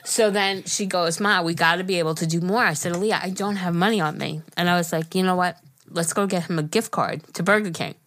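A middle-aged woman co-hosting a casual podcast, telling a story in an animated, emotional way. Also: on the low side, a little fast. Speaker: podcast co-host.

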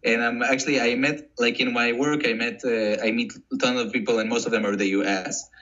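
Man from Israel, English, halting delivery; dull lo-fi remote audio. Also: medium pitch, fairly even intonation, fairly bright tone. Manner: halting, restarts often, non-native English. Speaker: guest. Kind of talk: casual interview talk.

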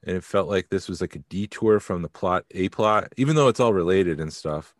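A man's voice: low voice, a little fast, no room sound, clean studio sound. A man co-hosting a podcast, chatting casually and rambling, often trailing off mid-thought. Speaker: podcast co-host.

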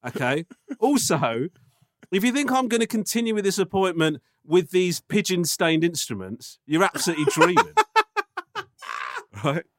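A man's voice: high-pitched, huge pitch swings, unhurried, slight background noise. A man co-hosting a casual podcast, telling a story, swearing and laughing often. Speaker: podcast co-host.

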